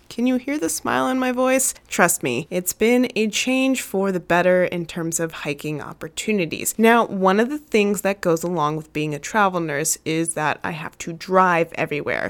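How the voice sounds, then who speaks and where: A young adult woman hosting a casual solo podcast, ranting in a chatty, sarcastic, playful way into a studio mic. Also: medium pitch. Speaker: podcast host, ER travel nurse. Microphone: studio mic, new recording setup.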